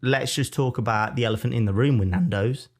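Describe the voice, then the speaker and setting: A young man with a Birmingham accent, co-hosting a podcast in casual chat, animated and jokey as he tells stories. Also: medium pitch, fairly quick. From Birmingham, England. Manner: animated, jokey storytelling with mock-defiant asides. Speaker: podcast co-host.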